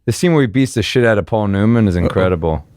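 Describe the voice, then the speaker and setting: A man's voice: fairly low pitch, lively intonation, fast talker, darkish tone, no room sound, studio quality. A man co-hosting a comedy podcast, rambling with lots of fillers and casual swearing as he works out joke ideas. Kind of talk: casual chat, workshopping jokes.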